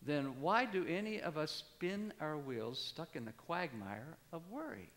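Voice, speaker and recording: A man in his sixties preaches a sermon, his slightly high voice climbing to emphatic peaks before dropping back low. His words ring with the long reverb of a church sanctuary. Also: sing-song, measured pace, fairly bright tone. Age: 60s. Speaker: pastor.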